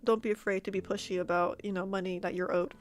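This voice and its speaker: With faint music in the background, a female streamer and artist quickly recounts a story to her chat in a mid-range voice. She's lively and relaxed, often laughing and repeating herself.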